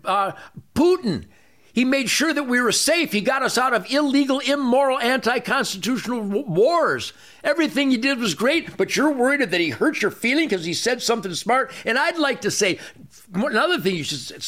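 Male podcast guest, high-pitched and very animated, profane ranter. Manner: loud, emphatic with sudden drops. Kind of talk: podcast interview.

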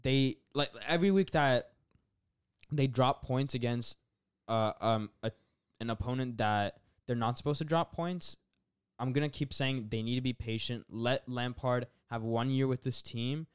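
A man's voice: medium pitch, unhurried, smooth, dry recording, studio quality. A man co-hosting a casual football podcast, rambling with lots of fillers and restarts. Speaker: podcast co-host.

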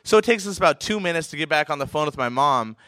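A man from Oregon telling a comic personal anecdote, animated and chuckling through lots of fillers and restarts. His voice is fairly high, forceful and crisp. The sound is close and dry. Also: fast talker, no echo. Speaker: storyteller, professional poker player.

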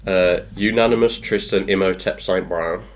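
Guy hosting a podcast, really low voice, laughs a lot, faint hiss behind. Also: fairly even intonation. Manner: laughs often, joking and quick. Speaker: podcast host running quiz games. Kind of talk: casual chat.

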